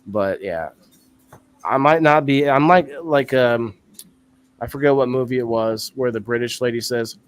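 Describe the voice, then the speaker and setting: Guy hosting a live stream, thirties, rambly, thinks out loud, laughs a lot. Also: mid-range voice, measured pace, dry recording. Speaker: host of a live-stream talk show. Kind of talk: casual live-stream chat.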